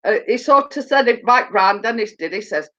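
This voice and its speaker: A woman's voice: fairly high pitch, expressive, normal speed, bright, forceful tone. A woman chatting casually with viewers on a live stream, telling funny stories and laughing often. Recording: dull lo-fi sound.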